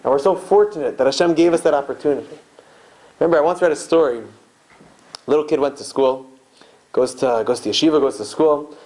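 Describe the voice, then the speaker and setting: A rabbi giving an animated Torah lecture to a live audience in a synagogue, repeating phrases and asking rhetorical questions. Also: male voice, a little high, brisk, pauses often, low-quality recording. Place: synagogue hall.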